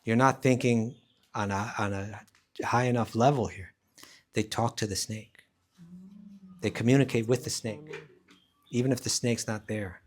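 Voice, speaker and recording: Animated man telling a sacred story. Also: on the low side, unhurried, long pauses. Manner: animated, casual, acts out voices. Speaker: spiritual teacher. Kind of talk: storytelling scripture class. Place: class at a rural eco village.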